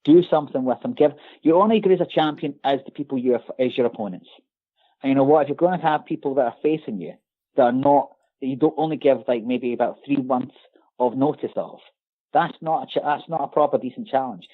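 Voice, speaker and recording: Scottish male co-host, animated and sarcastic, tinny call audio. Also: mid-range voice, fast. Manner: animated, ranting, sarcastic asides. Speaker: podcast co-host. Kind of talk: casual podcast chat. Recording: tinny phone-like call line.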